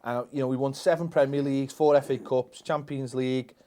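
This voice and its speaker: A man's voice: mid-range voice, fairly even intonation, fairly quick, dark tone. A man talking football as a pundit in a casual chat, blunt and opinionated.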